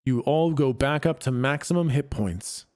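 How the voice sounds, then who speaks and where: A man's voice: medium pitch, normal speed, no room sound, studio quality. Laid-back man running a tabletop game. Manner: relaxed, laid-back, casual swearing. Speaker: game master.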